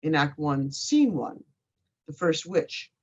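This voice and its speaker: A woman's voice: deep voice, big pitch swings, slow pace, darkish tone, breathy edge. A woman professor giving a pre-show lecture, with dry, wry asides. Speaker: literature professor. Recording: slightly muffled lo-fi recording.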